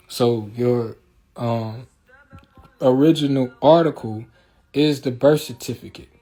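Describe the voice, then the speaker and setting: Speaking at a medium pitch with a dark tone, a man hosts a casual livestream. He rambles in a loose, streetwise manner, drops in frequent filler asides, and often turns to his listeners to check in.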